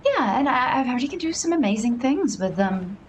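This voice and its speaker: A woman playing a shy, halting traveler. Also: fairly high pitch, very animated, a little hiss or hum, rough recording. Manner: hesitant, halting, many fillers. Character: polite, shy woman seeking a preacher.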